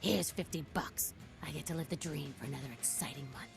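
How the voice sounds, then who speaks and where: An actress voicing a weary, sarcastic old diner waitress in a video game, with a gravelly, dry delivery. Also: female voice, low voice, brisk. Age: older. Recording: faint game music behind.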